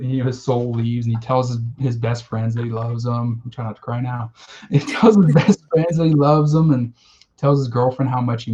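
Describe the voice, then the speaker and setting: Excited man retelling a story, lo-fi. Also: medium pitch. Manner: enthusiastic, emotional storytelling with swearing. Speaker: podcast co-host. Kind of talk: casual chat.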